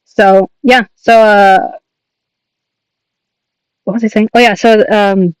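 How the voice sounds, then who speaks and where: High-voiced rambling male streamer. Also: steady tone, slow, smooth, dry recording, rough recording. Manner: rambling, enthusiastic, many fillers and restarts. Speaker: streamer and artist. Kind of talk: casual livestream chat.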